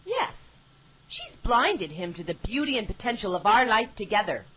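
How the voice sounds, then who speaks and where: A woman's voice: mid-range voice, big pitch swings, normal speed, fairly bright tone, a little hiss or hum, low-quality recording. A woman playing a bitter, betrayed wife. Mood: resolved. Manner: bitter, accusing. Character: angry betrayed wife threatening with violin.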